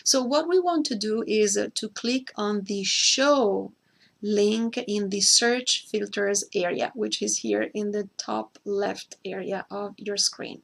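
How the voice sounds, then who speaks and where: Hosting a screen-share tutorial, a woman takes viewers slowly through each step and repeats key points so no one falls behind, sometimes speaking to a co-host by name. Her middle-pitched voice carries a noticeable gravelly edge.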